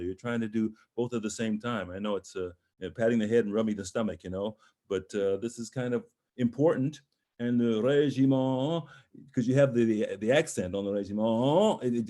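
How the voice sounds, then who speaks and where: A man with a warm, medium-pitched voice coaches a young singer over a video call in an online master class. Hesitant but encouraging, he works through phrasing and both sings and speaks sample words in French and German.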